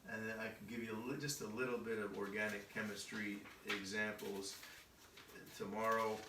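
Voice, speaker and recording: A man's voice: fairly low pitch, background noise. A male chemistry teacher giving a casual recorded lesson. He explains step by step and often checks in with "okay?". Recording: echoey room, voice from a distance.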